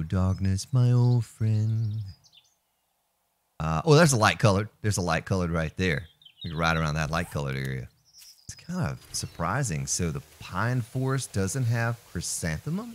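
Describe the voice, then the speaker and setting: Deep-voiced, chatty let's play host. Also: male voice, a little hiss or hum. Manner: chatty, jokey, talks to viewers as folks. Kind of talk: casual gameplay commentary.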